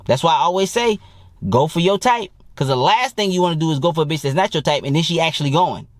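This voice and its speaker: A young man talking as a dating coach in a blunt, profane and animated casual monologue. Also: a little high, quick pace, no room sound, clean studio sound. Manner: profane, blunt and animated, mimics people he quotes.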